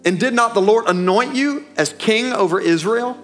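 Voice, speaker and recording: A man preaching reads the words of a stern aged male prophet rebuking a king, in a raised, forceful, slowed voice. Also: high voice, soft background music, pitched above the performer's own voice. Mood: stern rebuke.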